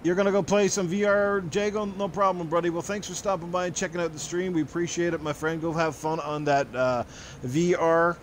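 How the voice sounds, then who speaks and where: A man's voice: fairly high pitch, fairly even intonation, fairly quick, a little hiss or hum. A man hosting a casual gaming livestream talk show, rambling loosely and reading viewer comments aloud. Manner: loose and rambling, full of "like" and "you know". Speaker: podcast host reading stream chat. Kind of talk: casual chat.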